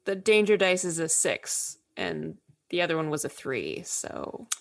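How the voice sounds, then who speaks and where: A woman's voice: on the low side, wildly swooping pitch, unhurried. A woman playing a tabletop game who talks in a giggly, rambling way. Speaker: player. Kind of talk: casual tabletop game play.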